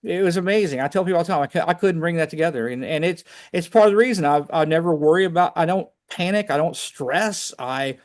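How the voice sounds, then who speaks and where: Man, high voice, animated storyteller, chatty faith talk, video call. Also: fast, hardly any pauses. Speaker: guest speaker. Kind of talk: casual testimony on a video call.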